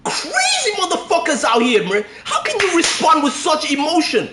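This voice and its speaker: Male game commentator, high and very animated delivery, profane rants, roomy echoey recording. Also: moderate pace, very noisy. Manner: swings between low grumbling and shouted outbursts. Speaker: fighting game content creator. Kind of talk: profane gaming commentary rant.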